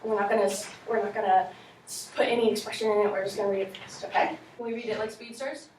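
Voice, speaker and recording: A woman's voice: mid-range voice, fairly even intonation, quick pace, a little mellow, distant mic, a little hiss or hum. Teacher woman in an echoey classroom. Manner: encouraging, models reading aloud. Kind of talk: classroom instruction.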